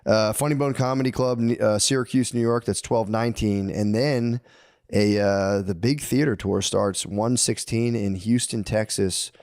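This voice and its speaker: A man's voice: lowish voice, steady tone, moderate pace, darkish tone. A man in his thirties, a comedian co-hosting a podcast, telling rambling, exasperated stories with a lot of swearing. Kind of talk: casual profane banter.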